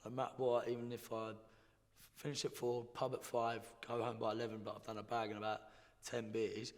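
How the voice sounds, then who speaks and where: A young man tells his story bluntly, in slang, often stopping and restarting. His voice sits at an ordinary middle pitch. The sound rings with a long reverb, like a big hall. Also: little pitch movement, brisk. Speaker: guest. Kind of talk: casual storytelling.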